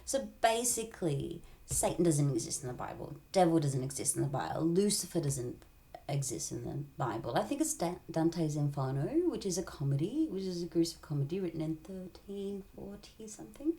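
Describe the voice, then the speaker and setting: A woman's voice: fairly low pitch, big pitch swings, moderate pace, warm tone. A woman in a rambling, tangential casual monologue, often dropping into whispered asides.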